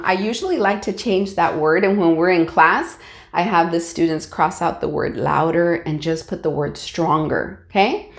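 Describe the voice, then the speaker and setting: Patient woman teacher explaining spelling. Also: mid-range voice. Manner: patient and explanatory, many fillers and check-ins. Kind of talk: recorded classroom lesson for young students.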